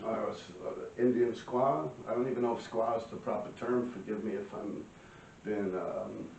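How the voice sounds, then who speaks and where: A middle-aged man tells a street story in a casual, profane, animated way, often clearing his throat. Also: on the low side, moderate pace, a little hiss or hum. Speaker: graffiti writer telling a story. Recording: roomy, distant, dull lo-fi mic.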